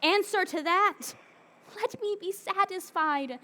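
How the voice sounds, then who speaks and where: A woman's voice: very high voice, slow, pushed and bright, heavily acted. A woman playing an impatient, lovestruck young girl in an outdoor Shakespeare performance, pleading and declamatory. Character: impatient young female lover, eager, lovestruck. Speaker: stage actor.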